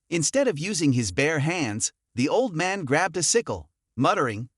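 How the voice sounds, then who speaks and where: A man narrating a comic recap in a brisk, animated storytelling manner. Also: fairly high pitch, dry recording, clean studio sound.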